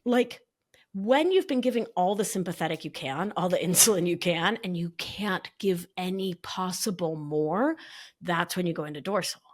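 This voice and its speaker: A woman with a New York accent in a casual podcast conversation, animated and jokey as she talks. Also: fairly low pitch, normal speed.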